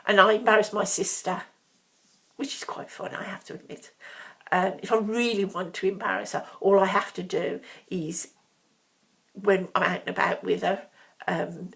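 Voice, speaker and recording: A woman's voice: mid-range voice, steady tone, normal speed, creaky, a bit bright. A middle-aged woman with a Brummie accent, talking frankly in a casual, rambling monologue full of asides. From Birmingham, England. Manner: chatty, frank, with frequent ums and asides. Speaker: vlogger.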